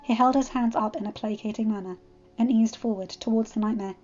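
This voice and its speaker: Higher-voiced woman reading a story. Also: steady tone, a little fast, darkish tone. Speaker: fan fiction reader. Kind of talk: storybook narration. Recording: slightly muffled, faint background music.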